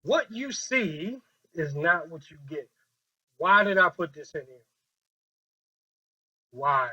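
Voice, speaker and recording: A man leading a training workshop with a group, talking in a lively, joking way and acting out quoted voices on a handheld mic. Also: a little high, takes it slowly, husky, rough recording.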